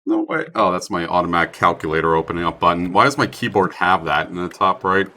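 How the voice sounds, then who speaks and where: Fast and sharp in tone, a deep-voiced young man provides let's play commentary on his own survival game. He chats and mocks himself, bursting out suddenly when startled.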